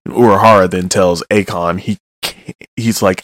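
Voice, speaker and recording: A man's voice: deep voice, fairly even intonation, moderate pace, hardly any pauses, a bit bright, dry recording, studio quality. A man giving a loose, joking recap of manga chapters, with casual asides and some swearing.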